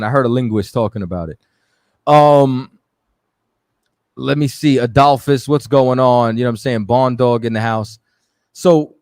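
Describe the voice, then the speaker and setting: A man's voice: medium pitch, darkish tone, no room sound, studio quality. A man from New York hosting a talk radio show, loose and chatty, often checking in with his listeners. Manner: loose, chatty, keeps saying "you know what I'm saying".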